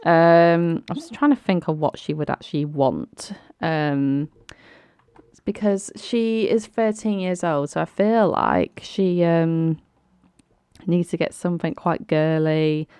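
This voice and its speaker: A young woman hosts a let's play of a life-sim game, giving casual commentary full of fillers, quick laughs, and sudden exclamations. Her voice is lowish, a little mellow, clear and resonant, recorded with no room sound.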